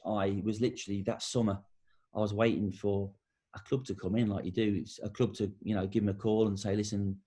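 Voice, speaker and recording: Middle-aged ex-player, quick, chatty guest who tells stories and acts out the quotes. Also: male voice, on the low side, dark tone. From England. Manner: anecdotal storytelling, acts out quotes. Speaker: former footballer, guest. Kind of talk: casual interview chat.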